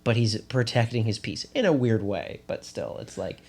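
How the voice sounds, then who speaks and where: A man who is a drama teacher, co-hosting a podcast and telling lively stories in casual chat. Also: mid-range voice. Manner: animated storyteller, quick asides.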